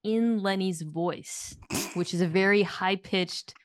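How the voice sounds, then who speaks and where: A woman's voice: mid-range voice, slow, no echo. A woman guest on a talk podcast, telling stories in a wry, dry way in casual chat.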